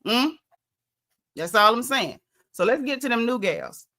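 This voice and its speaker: A woman with a fairly high, lively voice speaks unhurriedly in a pushed, bright tone. On her live stream she bluntly chats about a reality show, greets viewers in the chat, and fills her speech with "like" and "you know," coming across as chatty and opinionated.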